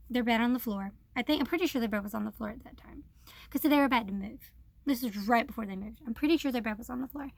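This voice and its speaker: A young woman with a high voice talks straight into a dry, close mic. She tells a personal grievance casually, swearing freely and mocking the people she quotes, with plenty of filler words. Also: fairly bright tone, no echo. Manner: frank and profane, with many fillers; aggrieved, quoting others in a mocking tone. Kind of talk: casual vlog storytelling.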